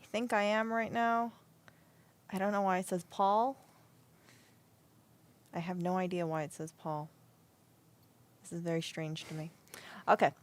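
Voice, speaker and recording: A woman's voice: on the low side, flat delivery, measured pace, long pauses. Young woman goofing around on a stream, teasing, keeps playing dumb. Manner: playful, teasing, feigns confusion. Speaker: assistant at a repair shop. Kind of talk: casual livestream banter.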